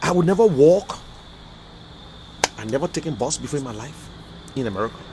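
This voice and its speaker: A Liberian man delivering an emotional, repetitive political rant as a commentator, swinging between loud outbursts and quiet, subdued stretches. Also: a little high, animated, fairly quick, background noise. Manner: emotional, repetitive, rising and falling intensity. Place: in America.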